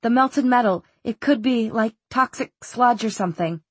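A woman's voice: on the high side, moderate pace, husky, dry recording, voice pushed up. A woman voicing an anxious, earnest teenage girl with a nervous manner.

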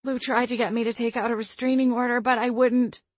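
A woman's voice: on the high side, little pitch movement, dry recording, pitched above the performer's own voice, lightly acted. Woman voicing a weeping young ghost woman. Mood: tearful. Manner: trembling, halting, self-reproaching delivery. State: crying. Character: tearful young female ghost, fragile and remorseful.

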